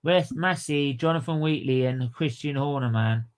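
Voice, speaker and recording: A man's voice: mid-range voice, normal speed. A man hosting a livestream, ranting about motorsport with repeated phrases, slang and swearing. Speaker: livestream host. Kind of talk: heated fan commentary on a livestream.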